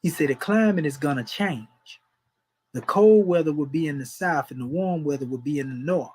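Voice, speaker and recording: A man's voice: fairly high pitch, moderate pace, a little mellow, breathy edge, rough recording. A man, preaching in a folksy, emphatic way and chuckling between points. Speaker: religious teacher. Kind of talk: informal preaching.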